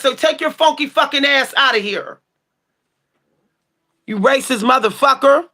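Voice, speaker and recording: A woman hosting her own livestream channel, ranting sassily and bluntly at her chat, swearing freely and breaking into shouts. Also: sits high, unhurried, long pauses. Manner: sassy, blunt, profane, shouts at times. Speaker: livestream tarot channel host. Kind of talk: heated livestream rant answering chat.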